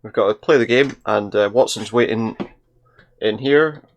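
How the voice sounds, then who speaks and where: Man, slightly low voice, casual game commentary, thinking aloud, reads dialogue, desk mic. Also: moderate pace. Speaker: video game player. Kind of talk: casual let's-play commentary.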